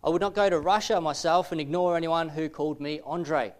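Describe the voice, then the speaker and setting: A man with an English accent explaining biblical names in a measured, thoughtful talk, slowing down to stress key words. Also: a little high, steady tone. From England. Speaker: Bible teacher.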